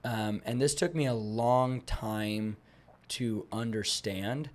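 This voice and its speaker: A young man talking as a guest on a podcast, animated as he tells stories and acts out conversations, rambling a little with restarts. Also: lowish voice, slow. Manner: animated storyteller, acts out dialogue; rambling with frequent restarts and fillers. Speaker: guest, fitness instructor.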